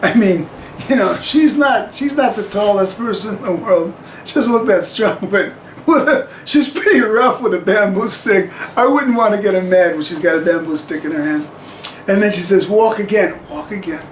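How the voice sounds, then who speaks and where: A man's voice: high voice, moderate pace, roomy sound, a little hiss or hum, poor audio. A man telling a personal story to camera in a rambling, chuckling way with plenty of fillers.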